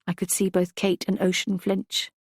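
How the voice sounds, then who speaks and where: A woman's voice: medium pitch, completely flat delivery, husky, dry recording, clean studio sound. Woman narrating an audiobook. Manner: measured, reflective storytelling. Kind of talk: first-person audiobook narration.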